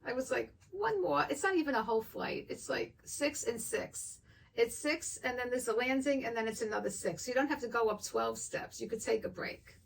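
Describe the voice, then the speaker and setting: Older woman, wig vlogger, gravelly, chatty storyteller, slightly high voice, mic a little far. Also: normal speed, a little hiss or hum. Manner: chatty, animated, acts out both sides of the story. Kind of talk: casual storytelling to viewers.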